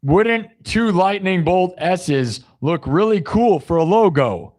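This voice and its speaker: A man's voice: high voice, animated, takes it slowly, a little mellow. A young man hosting a live music stream, chatting and joking casually with his viewers. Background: live guitar music.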